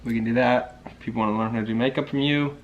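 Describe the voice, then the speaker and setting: A man's voice: mid-range voice, fairly even intonation, fast talker, a little hiss or hum. A man chatting casually at home as a vlogger, laid-back and teasing. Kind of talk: casual couple chat. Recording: slightly dull lo-fi recording.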